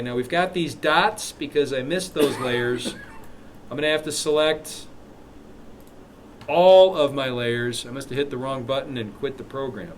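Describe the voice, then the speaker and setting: A man teaching a live software class, walking students through steps with chatty, joking asides. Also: a little high, a little hiss or hum. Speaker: instructor.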